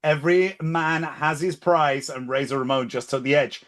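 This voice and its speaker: High-voiced man running a quiz game. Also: normal speed, a bit bright. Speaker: segment host.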